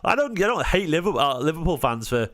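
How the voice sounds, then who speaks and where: A man hosting a live football watchalong, sarcastic and defensive as he talks back to viewers in the chat, moving from low mutters to sharp raised outbursts. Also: very animated, quick pace. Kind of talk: live-stream match commentary and chat replies.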